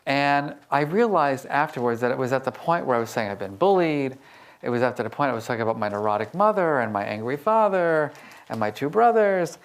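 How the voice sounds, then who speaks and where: A man giving a storytelling talk to a live audience about emotional intelligence, lively and acting out quoted dialogue. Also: medium pitch, fairly quick. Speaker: emotional intelligence researcher and speaker.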